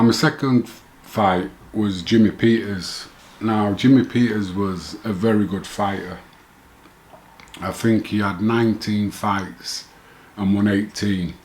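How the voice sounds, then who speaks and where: A man's voice: fairly low pitch, slight background noise. A middle-aged man telling his own story in a rambling, self-correcting way, chuckling now and then. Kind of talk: casual first-person storytelling.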